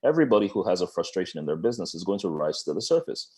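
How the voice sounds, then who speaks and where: Deep-voiced man coaching over a video call. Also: very fast. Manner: lively, conversational, playful asides. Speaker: business coach. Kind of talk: webinar presentation.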